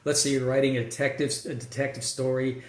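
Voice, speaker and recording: A male screenwriter talks casually about his writing process, rambling with lots of fillers and restarts. His mid-range voice holds a level tone, and he talks fast. The room is echoey.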